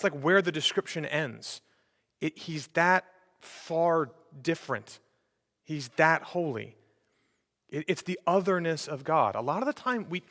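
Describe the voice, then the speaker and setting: A man's voice: a little high, fairly bright tone, in a large hall. A man preaching a sermon as pastor, in a conversational way with frequent fillers and restarts. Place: church sanctuary.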